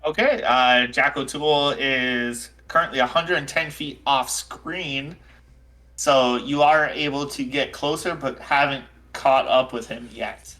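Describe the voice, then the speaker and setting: A man running a tabletop session, narrating distances and dice results in an offhand, conversational way. His voice is bright and forward, and his pitch sits in the middle range. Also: fairly even intonation, a little slow. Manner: casual, fillers, counting out dice rolls. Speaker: game master.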